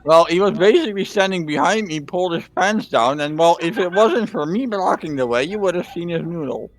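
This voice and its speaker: A man's voice: sits high, lively intonation, a little fast, soft background music, rough recording. Joking man in casual game banter. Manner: joking, playful. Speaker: player. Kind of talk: casual banter among players.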